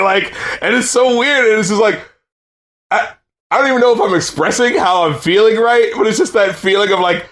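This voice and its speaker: A young man co-hosting a podcast in casual chat, animated and laughing, often trailing off and restarting. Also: high-pitched, fairly quick. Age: young adult. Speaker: podcast co-host.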